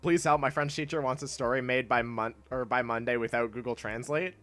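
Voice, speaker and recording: A young man casually chatting with his chat while playing a video game, laid-back and quick to laugh. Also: medium pitch, fairly even intonation, a bit bright, soft background music. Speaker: streamer.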